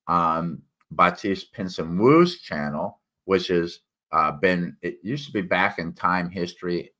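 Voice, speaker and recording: Low American male host, bright tone, rambling solo-stream chatter, slightly impaired enunciation. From United States. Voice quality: slightly impaired enunciation after tongue cancer. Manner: digressive, many fillers and restarts. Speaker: independent author and solo livestream host. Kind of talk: rambling solo livestream chat.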